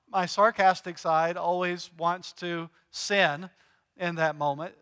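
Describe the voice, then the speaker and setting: A man's voice: high-pitched, steady tone, normal speed, fairly bright tone, clean tone. A male pastor preaching a sermon in a conversational, joking way, asking his congregation questions. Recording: long hall reverb.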